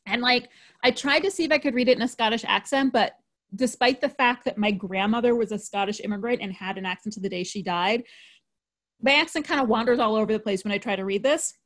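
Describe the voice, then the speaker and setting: Chatty woman with a higher voice. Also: quick pace, a bit bright. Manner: chatty and upbeat, frequent ums and likes. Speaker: podcast host. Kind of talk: casual folklore chat.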